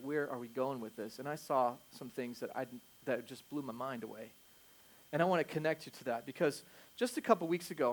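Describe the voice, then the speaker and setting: A man in his thirties, a pastor preaching a conversational sermon that swings from quiet asides to loud emphatic bursts, with self-deprecating jokes. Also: on the high side.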